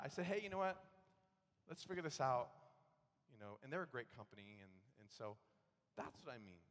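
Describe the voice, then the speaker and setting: Pastor with a higher voice in a reverberant church. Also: male voice. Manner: conversational storytelling, bursts into animated acted-out outrage. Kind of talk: sermon. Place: church sanctuary. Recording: long hall reverb in a church.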